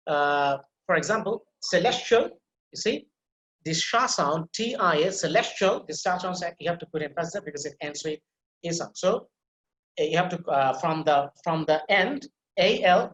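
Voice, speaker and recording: Lady teacher going over word stress, slightly low voice, repeats words patiently. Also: fairly bright tone, echoey room, slight background noise, low-quality recording. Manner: patient, repeats each example word slowly. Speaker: English pronunciation teacher. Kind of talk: online pronunciation lesson.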